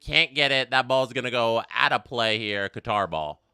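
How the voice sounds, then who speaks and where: Smooth and medium-pitched at normal speed, a young man does live match commentary on a casual watch-along stream, chatting with viewers, reading their messages aloud and erupting on big plays. The recording is clean studio sound with no echo.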